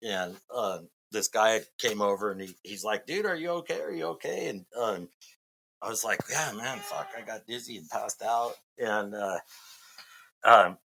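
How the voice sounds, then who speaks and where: Man, middle-aged, from Massachusetts, podcast guest, rambling storytelling, low pitch, bright forceful tone. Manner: rambling, many fillers and restarts. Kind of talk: casual storytelling.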